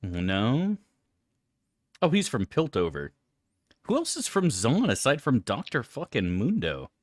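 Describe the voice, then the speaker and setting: A man's voice: mid-range voice, wildly swooping pitch, unhurried, dry recording, clean studio sound. A man streaming a game live, chatting casually with viewers, swearing freely and complaining in an exaggerated, chummy way. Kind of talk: casual live-stream chat while gaming.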